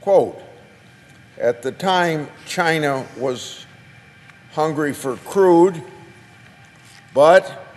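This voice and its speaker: An older man delivering a prepared speech at a very slow, deliberate pace, his voice sitting a little high. He stumbles and restarts now and then, carefully marking quotes. The sound carries a long reverb from a large chamber. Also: a little mellow. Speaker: senator giving a floor speech. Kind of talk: prepared speech read aloud.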